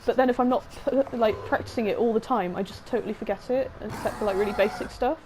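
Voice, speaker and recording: Young female streamer with a sore throat, excitable and swearing, high voice, noisy background. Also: quick pace. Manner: excitable, swears often, talks to the game creature. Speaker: game streamer. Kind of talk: let's-play commentary.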